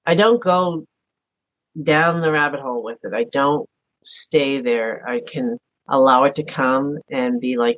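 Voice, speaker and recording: A middle-aged woman speaking earnestly and softly as a podcast guest, thinking aloud in a reflective personal conversation. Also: rumbling low, measured pace. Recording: dull lo-fi audio.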